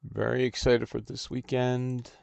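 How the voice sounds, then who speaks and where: A man hosting a casual livestream, thinking aloud in a halting, unhurried way while he works on cards. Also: medium pitch, level tone, vocal fry, darkish tone, dry recording. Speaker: stream host.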